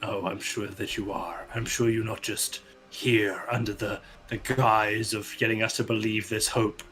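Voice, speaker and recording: A man's voice: lowish voice, level tone, a little slow, fairly bright tone, rough recording. A man voicing a wary male human paladin who leads a group and speaks in a stern, formal, suspicious way.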